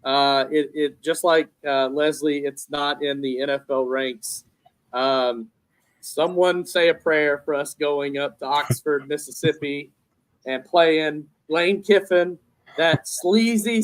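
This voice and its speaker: A man on a podcast panel, an animated, rambling sports fan. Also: on the high side, takes it slowly, no room sound, low-quality recording. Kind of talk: casual podcast chat.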